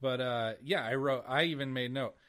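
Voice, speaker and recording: A man co-hosting a podcast, chatting casually in an animated way, swearing and laughing often. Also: medium pitch, normal speed. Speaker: podcast co-host. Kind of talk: casual chat.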